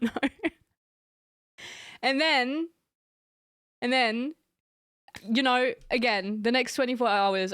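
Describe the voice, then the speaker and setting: A woman's voice: mid-range voice, fairly even intonation, normal speed, pauses often, a bit bright, clear, resonant tone, dry recording. Giggly young woman streamer, dry sound. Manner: giggly, rambling storytelling. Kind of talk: casual chat with stream viewers.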